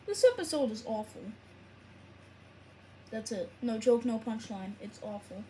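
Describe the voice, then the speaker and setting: A woman giving sarcastic comedy commentary on a kids' show in a deadpan, mocking way, in a noisy recording. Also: a little high, measured pace. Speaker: parody video maker.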